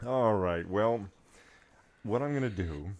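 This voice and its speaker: A man who is an author guesting on a podcast from a living room, halting and self-deprecating. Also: fairly low pitch. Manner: halting, self-deprecating, stumbles over words. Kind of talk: casual chat.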